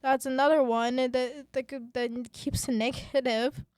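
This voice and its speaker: A woman hosting a student radio podcast, talking with passion and many fillers, then reading her script in a calmer presenter voice. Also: high-pitched, measured pace, dry recording, clean studio sound. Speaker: podcast host.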